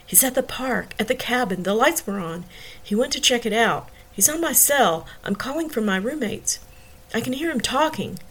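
Woman reader doing a panicked young woman caller, pitched up, words tumbling out fast. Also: a little mellow, natural voice, low-quality recording. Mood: frantic. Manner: frantic, rushed, self-blaming.

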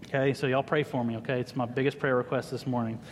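A pastor in his thirties preaches a sermon to a congregation, telling funny family stories with lively humor as an animated storyteller. His mid-range voice moves fast, recorded in a reverberant church hall with slight background noise.

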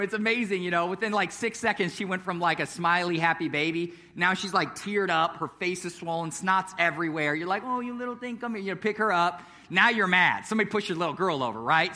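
A man's voice: high voice, sharp tone. A young adult male pastor praying and preaching at a church service, telling stories casually with frequent fillers and chuckles. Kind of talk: sermon with prayer and personal story.

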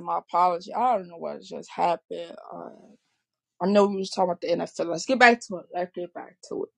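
Her voice is fairly low and creaky, with a bit of brightness. As host of her podcast, she chats loosely about sports, correcting and restarting herself, using lots of fillers, and saying sorry whenever she swears.

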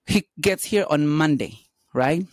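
A woman telling candid personal stories as an interview guest, lively and quick to act out the dialogue. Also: low voice, no room sound. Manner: animated, acts out dialogue in quotes.

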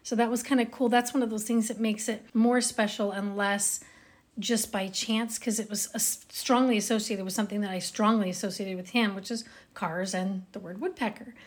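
A woman hosting a podcast shares a story in a relaxed, thoughtful way. Her voice sits in a middle range, and her sentences often fade out softly. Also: medium pitch, normal speed. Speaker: podcast co-host. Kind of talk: casual storytelling chat.

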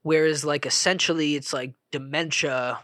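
A man's voice: a little high, steady tone, moderate pace, bright, forceful tone, dry recording, studio quality. A man hosting a podcast, telling a rambling, profane story in a casual monologue. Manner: rambling, profane, self-interrupting. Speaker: podcast host.

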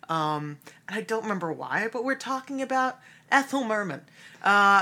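A woman's voice: fairly low pitch, sharp tone. A woman, a stage actress and cabaret performer, chatting casually in an interview, laughing often and talking with many fillers. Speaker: musical theatre actress and cabaret creator.

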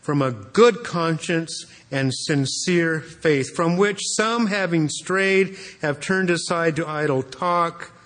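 A man's voice: a little high, takes it slowly, hardly any pauses, fairly bright tone. A man preaching an expository sermon as a pastor, earnest and repeating words as he restarts. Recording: long hall reverb.

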